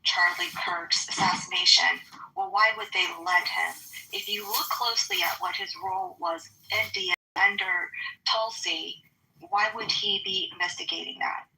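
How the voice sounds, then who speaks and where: A woman argues her point in a casual debate, stopping and restarting as she goes. Her voice is very bright. She keeps pressing with questions. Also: medium pitch, expressive, moderate pace, poor audio. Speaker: speaker in a debate.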